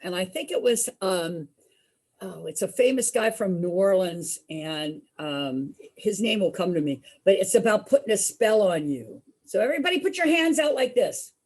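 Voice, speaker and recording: Casting note: female storyteller, husky, swooping pitch, slow and dramatic, quizzes the audience. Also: lively intonation, a little mellow. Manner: dramatic, asks the audience questions. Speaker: children's entertainer and storyteller.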